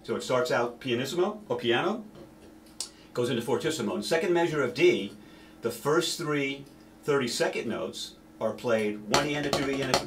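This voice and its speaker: A man's voice: mid-range voice, normal speed, very noisy. A man teaching a snare drum solo, counting beats aloud and stopping now and then to correct himself.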